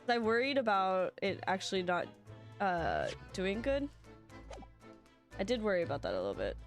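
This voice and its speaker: A woman's voice: mid-range voice, sing-song, normal speed, long pauses, faint music behind. A young woman streaming a video game, chatting casually and giggling between lines. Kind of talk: casual live-stream commentary.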